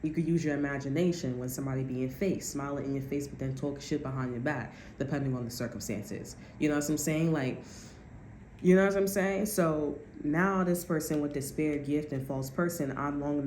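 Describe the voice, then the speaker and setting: Low mellow woman doing a blunt sweary tarot reading, echoey room. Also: moderate pace, slight background noise. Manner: blunt and profane, acting out other people's voices. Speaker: tarot card reader.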